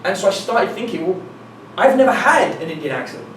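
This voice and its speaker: A man giving a live seminar talk as a dating coach, telling anecdotes in an animated way, acting out dialogue and swearing casually. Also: sits high, brisk, slight background noise. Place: meeting room with an audience. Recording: echoey room from a distance, faint ambience.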